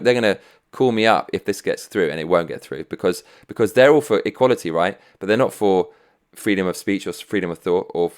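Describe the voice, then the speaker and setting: A man vents to camera in a loose, profane rant, full of sarcasm and chuckles. His voice sits on the lower side. He records from his own home studio. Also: clean tone. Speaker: vlogger host.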